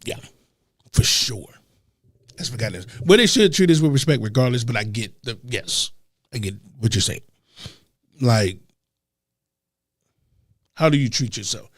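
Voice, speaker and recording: A man co-hosting a talk show, ranting with heavy profanity and swinging between loud and soft. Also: medium pitch, lively intonation, unhurried, long pauses, no room sound, clean studio sound. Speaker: podcast co-host. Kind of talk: heated casual talk.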